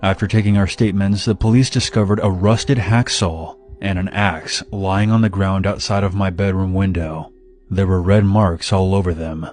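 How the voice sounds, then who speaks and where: Brief: male horror narrator, low voice, steady dramatic first-person telling, faint music behind. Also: normal speed. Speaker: story narrator. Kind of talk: scripted horror story narration.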